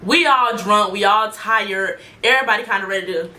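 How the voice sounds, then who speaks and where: A young woman tells a story in a casual, slangy way and speaks directly to her viewers. Her voice is bright and forward. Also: mid-range voice, fairly quick. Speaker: storyteller vlogger.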